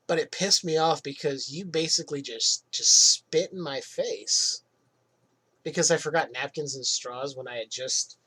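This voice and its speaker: A man hosting a podcast, telling casual anecdotes from his old job in an animated way. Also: fairly high pitch, husky. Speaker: podcast host. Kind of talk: casual storytelling monologue.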